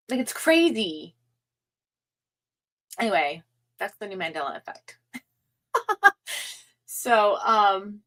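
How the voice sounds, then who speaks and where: Chatty lady reading tarot on a live stream, bright voice, gushes a lot. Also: medium pitch, rough recording. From United States. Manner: gushing, chatty, many fillers. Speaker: tarot reader.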